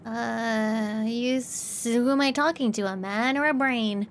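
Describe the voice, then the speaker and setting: A woman's voice: a little high, fairly even intonation, measured pace, a little hiss or hum. A woman streamer, ill with a throat infection, casually commenting on gameplay and teasing her chat. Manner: teasing, sardonic chatter at chat.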